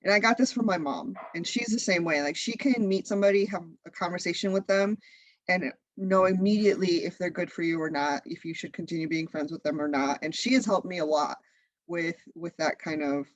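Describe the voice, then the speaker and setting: A woman in her thirties, a guest chatting in a casual interview, lively and laughing often. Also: fairly low pitch, a little fast, dry recording, low-quality recording. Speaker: guest, content creator.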